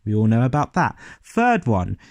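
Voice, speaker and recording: A man's voice: mid-range voice, sing-song, normal speed, no room sound. A man giving a casual, sarcastic and profane review of a TV episode.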